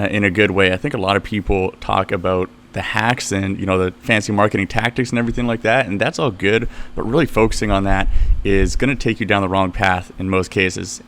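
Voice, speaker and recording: A man with a low voice hosts a podcast interview in a casual, chatty manner. He laughs easily and keeps the talk loose as he sets up each question. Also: a bit bright, slight background noise. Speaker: podcast host.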